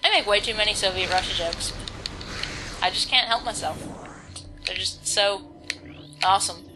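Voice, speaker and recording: A woman with a mid-range voice casually comments on a video game at a moderate pace, rambling, putting herself down and reading the on-screen text aloud. There's noise in the background as this let's-play commentator talks.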